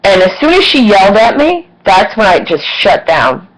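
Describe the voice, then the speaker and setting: On poor-quality audio, a woman vlogger speaks at medium pitch and normal speed, candidly and casually telling a personal story. She swears and animatedly acts out what other people said, quoting them in their own voices.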